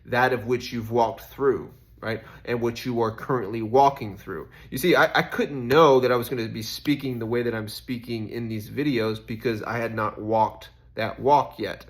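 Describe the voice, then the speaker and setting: A young man talks through his thoughts in a casual, reflective vlog, his voice sitting a little low. He rambles and questions himself, leaning on fillers as he works things out aloud. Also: a bit bright. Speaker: faith vlogger.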